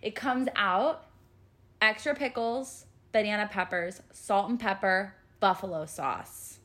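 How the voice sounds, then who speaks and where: A woman's voice: mid-range voice, takes it slowly, fairly bright tone. A woman co-hosting a podcast in casual chat, telling stories in a matter-of-fact way and standing firm on her opinions. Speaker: podcast co-host.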